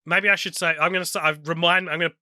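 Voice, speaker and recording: A man's voice: high voice, steady tone, racing, sharp tone, no echo, studio quality. A man co-hosting a podcast, chatting casually with a wry, joking manner and reading bits from his notes. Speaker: podcast co-host. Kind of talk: casual chat.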